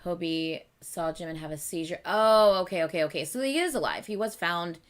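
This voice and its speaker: A woman's voice: on the low side, a little fast. A woman hosting a casual live reading at home, chatting and thinking aloud about the story. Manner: animated, chatty, thinking aloud with many okays. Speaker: host reading and reacting. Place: at home at night.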